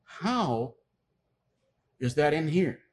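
A man preaching a sermon, reading scripture aloud and pressing key words with loud, emphatic stress. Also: fairly high pitch, very animated. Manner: reads scripture aloud with pauses.

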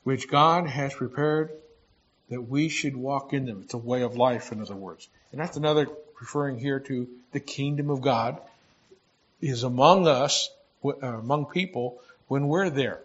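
A man delivers a sermon, reading scripture verse by verse and breaking off to explain it in a plain, conversational way. He often stops mid-phrase and restarts as he talks. His voice sits in a middle pitch, and the recording sounds a little dull and lo-fi. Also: moderate pace. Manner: conversational Bible teaching with asides and restarts. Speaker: pastor.

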